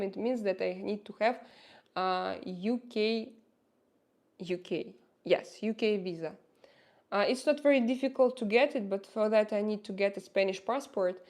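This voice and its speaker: A woman's voice: medium pitch, darkish tone. Chatty woman with a Russian accent. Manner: chatty, reads and answers viewer comments, laughs often. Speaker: livestream host. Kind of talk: casual livestream chat.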